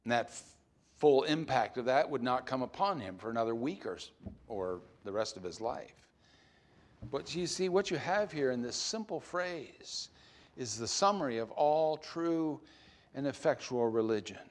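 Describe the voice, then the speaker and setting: A man preaching a sermon as pastor at a church service, with deliberate emphasis that swings between loud stresses and soft, low phrases.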